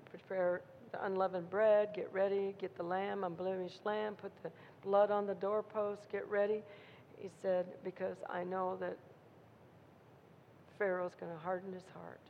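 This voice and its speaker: A woman's voice: medium pitch, gravelly. Woman preaching folksy in a reverberant hall. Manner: folksy, conversational retelling with frequent "Amen?" and restarts. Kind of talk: informal sermon. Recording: dull audio in a reverberant hall, faint noise.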